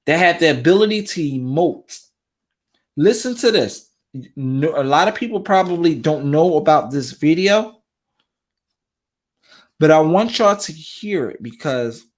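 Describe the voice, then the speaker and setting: A man hosts a talk show and gives casual commentary straight to his viewers. He is animated and repeats phrases over and over for emphasis. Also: on the high side. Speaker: relationship talk show host.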